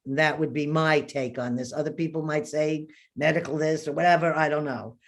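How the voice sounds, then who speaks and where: In an interview, a female guest in her fifties animatedly shares a long story from her own life, mimicking the voices she quotes. Her voice sits low and moves at a moderate pace.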